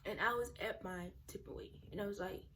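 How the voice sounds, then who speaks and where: A teenage girl vlogging, telling her story in a chatty, animated way straight to her viewers. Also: medium pitch, fairly quick, a little hiss or hum. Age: teens. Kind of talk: casual storytime.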